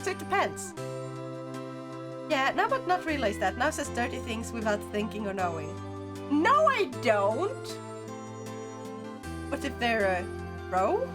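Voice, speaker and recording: High, lively-voiced woman streamer. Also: moderate pace, pauses often, over music. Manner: chatty, rambling, giggly. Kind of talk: casual gameplay chat.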